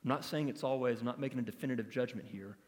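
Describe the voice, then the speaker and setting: A man's voice: medium pitch, rapid-fire, a little mellow, in a large hall. A man preaching an expository sermon in an earnest, emphatic teaching manner, asking his listeners rhetorical questions. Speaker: pastor.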